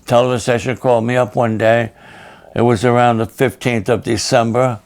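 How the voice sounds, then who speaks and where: A man's voice: mid-range voice, level tone, a little fast, a little mellow. An older man, a pastor, delivering a fundraising sermon with an emphatic, urgent, pleading delivery.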